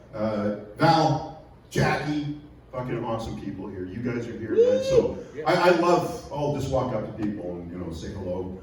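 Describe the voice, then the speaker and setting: A man doing a stand-up comedy set, crude and joking, laughing along with the crowd. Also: mid-range voice. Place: comedy club stage. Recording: echoey room recorded from a distance, noisy.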